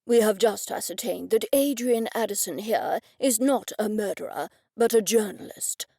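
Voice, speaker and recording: A woman's voice: medium pitch, expressive, unhurried, warm tone, no room sound, studio quality. A woman voicing a pompous, sarcastic older male earl who talks in a haughty, stern way.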